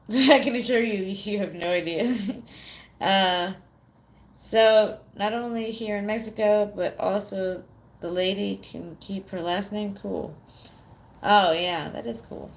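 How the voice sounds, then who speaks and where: A woman's voice: mid-range voice, a bit bright, a little hiss or hum. A young woman chatting on a live stream in a mid-range voice. She reads out chat questions and swears freely as she rambles. She laughs often.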